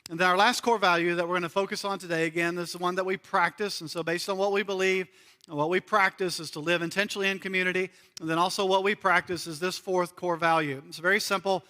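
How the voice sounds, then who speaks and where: A man's voice: high-pitched, fairly even intonation, quick pace, pushed and bright, in a large hall. A man from the United States preaching a sermon as pastor in a church, earnest and repeating key phrases for emphasis. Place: church sanctuary.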